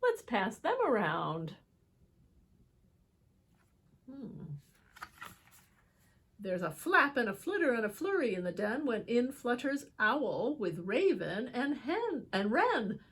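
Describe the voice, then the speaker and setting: A woman reading picture books aloud to children, expressive, with chatty asides to her young viewers. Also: a little high, slow, a little hiss or hum. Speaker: children's book reader. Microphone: holds book up to camera.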